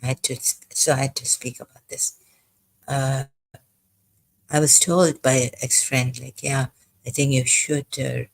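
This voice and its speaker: A speaker talks slowly in a personal confessional monologue, breaking off and restarting again and again. The voice is husky and a little breathy, with an unsettled, frightened edge. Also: mid-range voice, low-quality recording. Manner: halting, hesitant, many pauses and false starts. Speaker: vlogger.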